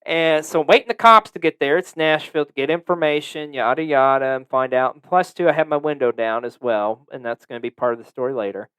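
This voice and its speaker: Smooth-voiced man telling crude stories. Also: a little high, a little fast, hardly any pauses, fairly bright tone. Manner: crude, profane, joking. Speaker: podcast host. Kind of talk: casual storytelling.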